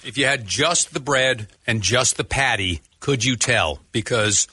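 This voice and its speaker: A man's voice: medium pitch, expressive, a little slow, bright, forceful tone, breathy edge. A man co-hosting a radio talk show, chatting in a laid-back way and laughing easily while eating on air. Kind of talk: casual on-air banter. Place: radio studio. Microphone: studio microphone.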